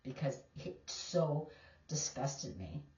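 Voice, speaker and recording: A woman's voice: very deep voice, sing-song, slow, warm tone. A woman teacher, giving emphatic, opinionated casual commentary. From Canada. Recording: distant, echoey, dull lo-fi.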